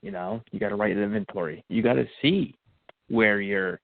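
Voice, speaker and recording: A man guest on a podcast telling an emotional personal story, animated and acting out what people said, with many fillers and restarts. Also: on the low side, moderate pace, creaky. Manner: animated, acts out quotes, frequent fillers and restarts. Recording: phone-like narrow band audio.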